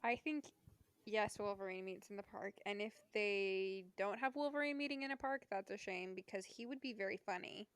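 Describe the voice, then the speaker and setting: Animated young woman telling stories. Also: mid-range voice, normal speed, clear, resonant tone, no echo. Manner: animated storyteller, playfully indignant. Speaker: podcast co-host. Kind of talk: casual podcast chat.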